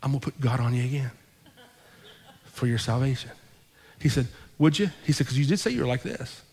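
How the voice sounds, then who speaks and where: A male pastor speaks briskly in a medium-pitched, slightly rough voice, the sanctuary giving it a big-room sound. He tells a sermon story with animation, quoting and acting out the dialogue.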